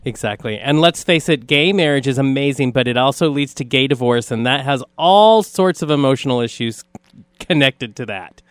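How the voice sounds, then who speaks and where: A man's voice: mid-range voice, expressive, normal speed, no room sound. A man hosting an interview, affirming and asking long questions. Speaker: podcast host.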